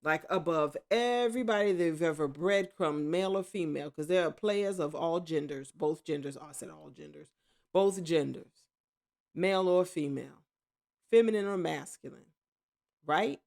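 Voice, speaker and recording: A woman giving a casual tarot reading at home, rambling and correcting herself, with excited exclamations. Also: low-pitched, moderate pace, vocal fry. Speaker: tarot reader.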